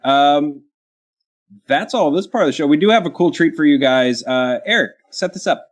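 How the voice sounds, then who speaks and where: A man's voice: fairly high pitch, moderate pace. A man hosting a casual entertainment panel show, rambling and joking at his own expense. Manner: rambling, self-deprecating. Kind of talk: casual chat.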